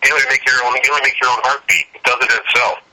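A man's voice: medium pitch, fairly even intonation, racing, bright, forceful tone, low-quality recording. A man in his forties, an actor, telling stories in a casual interview and acting out his own quoted lines. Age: 40s. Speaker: actor and guest.

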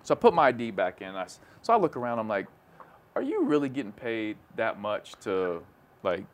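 Spinning a lengthy tale during casual podcast chat, this male co-host is an animated storyteller who performs the quoted voices of each character. His voice is lowish and a little fast, with slight background noise.

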